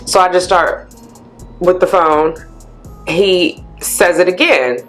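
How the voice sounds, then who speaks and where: A woman vlogger chatting candidly to camera, a blunt and animated storyteller letting off steam. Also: on the low side, takes it slowly, pauses often, faint music behind. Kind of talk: candid vlog chat.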